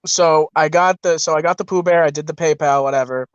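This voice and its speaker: A man with a slightly high voice, swearing freely as he vents in an animated way. His audio is dry and a little dull and muffled, as on a remote call. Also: brisk, smooth, no echo. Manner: profane, animated venting. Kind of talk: casual chat.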